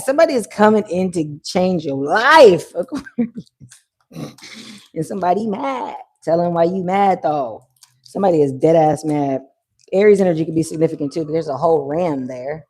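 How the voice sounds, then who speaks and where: A woman hosting a live tarot reading, talking in an animated, slangy way with swearing and bursts of laughter. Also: fairly low pitch, slightly rough. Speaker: tarot reader. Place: at home near a pool, kids heard.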